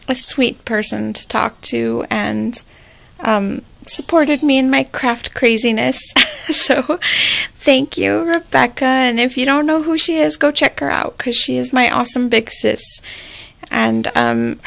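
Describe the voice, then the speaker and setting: Young woman vlogger, high and slow, a little gravelly, gushing and teary. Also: a bit bright. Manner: gushing, repeats "so cute" and "I love it". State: emotional, near tears. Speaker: vlogger opening a gift. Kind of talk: casual unboxing vlog.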